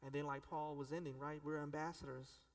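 Male pastor, sermon, chatty rhetorical style; slightly higher voice, distant mic in a big echoing room. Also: little pitch movement, fairly quick. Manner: conversational preaching with rhetorical questions and casual slang. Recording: echoey hall, voice from a distance.

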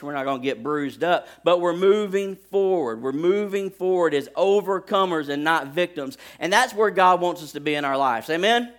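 Animated preacher telling a story. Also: male voice, a little high. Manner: animated storytelling with sound effects; folksy, addresses the congregation directly. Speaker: pastor. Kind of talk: sermon with a personal story.

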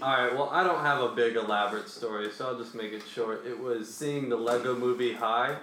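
A man's voice: mid-range voice, brisk. A man joking and laughing in a casual podcast chat. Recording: echoey room with loud hiss.

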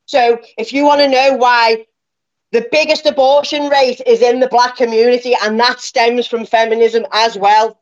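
A woman's voice: a little high, steady tone, moderate pace, muffled recording. A woman guest on a call-in podcast who speaks bluntly and directly. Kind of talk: casual call-in talk.

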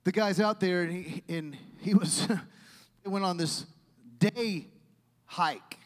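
A male pastor preaching a sermon with animated storytelling and asides to the congregation. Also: high-pitched, slow. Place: church sanctuary. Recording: long church hall reverb.

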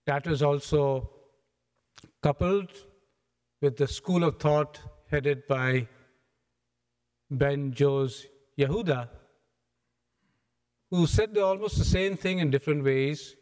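Man preaching a lively sermon. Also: fairly high pitch, slow, pauses often. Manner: animated storytelling, acts out scenes. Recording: echoey hall.

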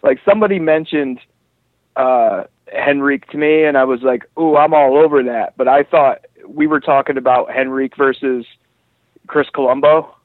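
A man hosting a casual chat about fights, animated and profane, rambling through asides. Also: medium pitch, moderate pace, no echo. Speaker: podcast host. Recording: tinny phone-like dry sound.

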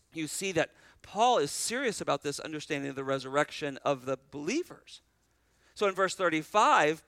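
A man preaching an expository sermon as pastor, reading scripture slowly and explaining it briskly, with animated swings between loud and soft delivery. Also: sits high, no room sound, rough recording.

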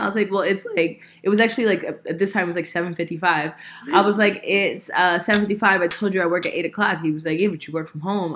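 A young woman telling a story in casual podcast chat, animated, laughing often and swearing freely, a little sick. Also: medium pitch. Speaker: podcast host.

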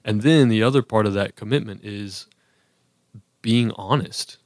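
A man's voice: fairly low pitch, measured pace, dry recording, studio quality. A man in casual conversation on a podcast, talking earnestly about faith with lots of fillers and restarts. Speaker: podcast co-host.

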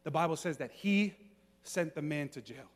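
A male pastor preaching a sermon, moving from quiet talk to fervent shouting. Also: fairly high pitch, animated, normal speed, big-room sound. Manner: builds from quiet to shouting fervor.

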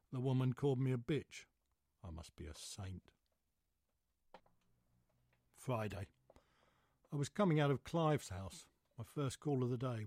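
A man's voice: medium pitch, darkish tone, husky, no room sound, studio quality. A man reading a first-person story aloud in a wry, gossipy, sardonic way. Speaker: audiobook narrator. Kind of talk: first-person scripted narration.

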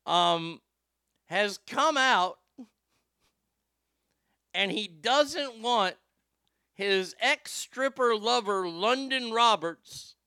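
A man's voice: high-pitched, expressive, very slow, pauses often, pushed and bright, smooth, no room sound. A man hosting a political commentary show, sarcastic and profane, mocking what he plays. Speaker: host.

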